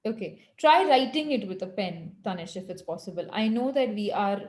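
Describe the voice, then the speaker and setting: A woman teaching French on a video call, patiently correcting students and slowing down to model phrases. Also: mid-range voice, expressive, darkish tone, roomy sound, low-quality recording. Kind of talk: online language lesson.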